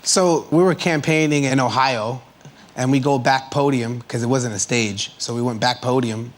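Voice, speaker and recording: A man's voice: medium pitch, moderate pace. A man in casual chat on a television studio talk show, telling stories in a laid-back, playful, slangy way. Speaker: chat show guest, musician.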